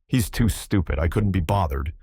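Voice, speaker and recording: A man voicing a cocky young soldier who speaks calmly and contemptuously of his old schoolmaster, in an audiobook. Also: deep voice, moderate pace, slightly rough, no room sound, clean studio sound. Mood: smug. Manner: calm, contemptuous.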